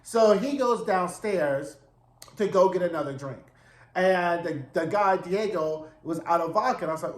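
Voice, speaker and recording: A man recapping a TV episode in a casual monologue, animated, campy and profane in his storytelling. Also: high-pitched, moderate pace, reverberant. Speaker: TV recap reviewer.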